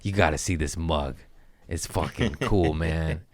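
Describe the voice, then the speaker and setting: A man with a bass, slightly mellow voice hosts a home podcast at a measured pace. He rambles through jokey, loose stories in casual conversation, swearing and trailing off into asides.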